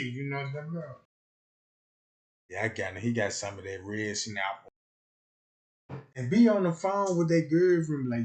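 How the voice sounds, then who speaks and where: Rambling streamer man, voice on the high side. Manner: rambling, keeps asking "you know what I'm talking about"; swings between loud outbursts and low mutters. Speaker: live streamer. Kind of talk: casual comedic rant.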